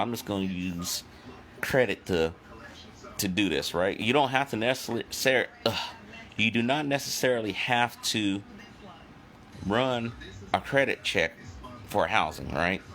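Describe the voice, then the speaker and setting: A man's voice: mid-range voice, a bit bright. A man telling a casual, blunt story about calls with debt companies, swearing freely and acting out both sides of the calls. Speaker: finance video host.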